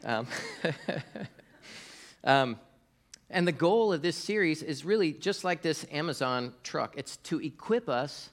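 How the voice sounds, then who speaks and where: A man's voice: on the high side, lively intonation, slow pace, fairly bright tone. Man preaching a conversational sermon. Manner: conversational, with fillers and audience prompts. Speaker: pastor.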